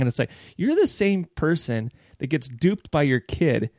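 A man's voice: mid-range voice, expressive, a little fast, few pauses, a little mellow, no echo, studio quality. A man co-hosting a podcast, telling stories animatedly and swearing a lot in casual chat. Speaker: podcast co-host.

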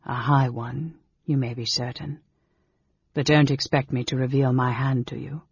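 Dalamar, a man voicing a sly, cool dark elf. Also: medium pitch, level tone, moderate pace, vocal fry, slightly rough, no room sound. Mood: knowing. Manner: coolly offhand, knowing. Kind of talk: audiobook character reading. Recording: dull lo-fi recording.

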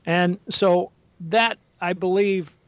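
Older male guest, fairly high voice, measured and hesitant delivery, dull lo-fi sound. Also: fairly even intonation, no echo. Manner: deliberate, halting with frequent fillers; reads quotations slowly and carefully. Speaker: guest historian. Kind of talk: talk radio interview. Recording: dull, dry lo-fi audio.

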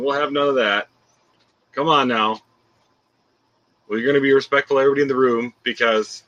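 A man's voice: mid-range voice, fairly bright tone, dry recording, lo-fi sound. A man hosting a live podcast, chatting casually, reading viewer comments and laughing often.

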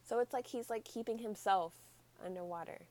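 A woman's voice: mid-range voice, fairly quick, a little mellow. A woman casually recapping a show with friends, chatty and giggly, using many "like" fillers. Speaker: podcast co-host.

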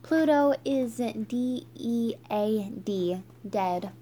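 A woman's voice: a little high, drawn-out words, warm tone, a little hiss or hum. A woman voicing a bossy second-grade girl with a stern, scolding manner while reading a storybook aloud.

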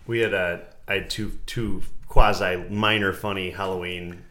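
A man's voice: low voice, fairly even intonation, moderate pace, pushed and bright, faint music behind. A man co-hosting a podcast in casual chat, telling laid-back stories with lots of fillers. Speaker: podcast co-host.

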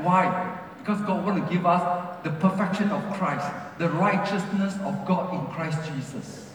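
Man preaching, high voice, non-native English grammar, echoey church hall heard from far off, long reverb. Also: normal speed, a little hiss or hum. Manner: rising and falling emphasis, repeats phrases. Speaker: pastor. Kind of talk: sermon.

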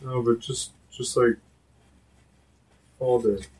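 A man playing a tabletop game, asking hesitant, halting questions, recorded on a distant mic. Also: medium pitch, fairly even intonation, darkish tone, a little hiss or hum. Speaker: player.

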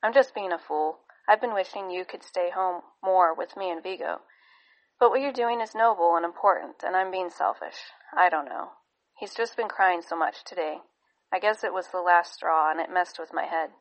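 A woman's voice: fairly low pitch, moderate pace, natural voice, low-quality recording. Woman voicing a weary young mother. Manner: soft, hesitant.

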